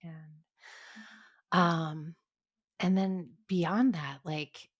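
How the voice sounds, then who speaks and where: A woman co-hosting a podcast, asking questions and answering thoughtfully in a soft, affirming way. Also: fairly low pitch, fairly even intonation, drawn-out words, breathy edge, no room sound, studio quality. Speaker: podcast co-host. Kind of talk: casual interview chat.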